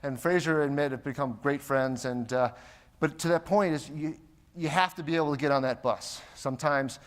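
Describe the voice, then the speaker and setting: A man from the United States giving a motivational keynote, telling anecdotes and acting out the people in them. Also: fairly high pitch. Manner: animated anecdotes, acting out quoted voices. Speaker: keynote speaker. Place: large conference hall. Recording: long reverb of a conference hall.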